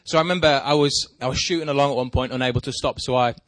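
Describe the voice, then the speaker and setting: Racing along in a mid-range voice on a dry recording, a man rambles through a story that mocks himself, in relaxed chat with a co-host. Excitement makes him animated.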